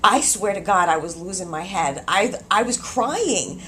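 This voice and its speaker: A woman in labor in a hospital room tells her story in casual, animated, exclamatory speech with frequent laughs, recorded on a handheld camcorder's built-in mic. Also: medium pitch, measured pace. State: having contractions.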